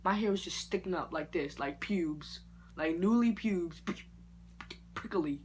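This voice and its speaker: A woman vlogger telling a personal story in a casual, slangy and expressive way. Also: lowish voice, unhurried, a little hiss or hum. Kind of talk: story time vlog.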